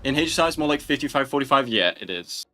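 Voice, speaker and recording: A man's voice: medium pitch, lively intonation, fast talker, bright, forceful tone, slight background noise. A young man hosting a casual livestream, chatting, joking and answering viewer questions. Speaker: livestream host.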